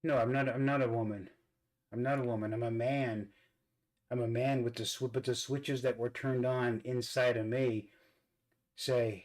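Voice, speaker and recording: An earnest man chats casually as he puts on makeup for his vlog. His voice sits at a middle pitch. He stops and restarts his phrases often, repeating words on the way. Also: flat delivery, normal speed, darkish tone, rough recording. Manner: earnest, repeats words while searching for them. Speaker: vlog host. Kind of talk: casual talk while doing makeup.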